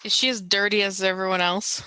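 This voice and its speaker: Brief: woman player, bright, sharp tone, dry close mic. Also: medium pitch, steady tone, fairly quick, clean tone, no echo. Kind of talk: tabletop game chat.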